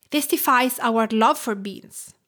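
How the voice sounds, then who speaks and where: A woman in her thirties from Tuscany with an Italian accent, hosting a food podcast in a warm, enthusiastic, scripted way. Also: on the high side, a little slow. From Tuscany, Italy. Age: 30s. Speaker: podcast host, cooking teacher.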